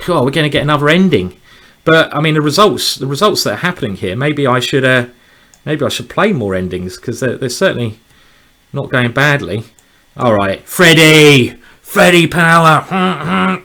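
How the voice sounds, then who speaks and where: A man's voice: medium pitch, a bit bright. Male chess streamer, chatty, rambling, mid-range voice, erupts into cheers at good moves. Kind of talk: live chess commentary while playing.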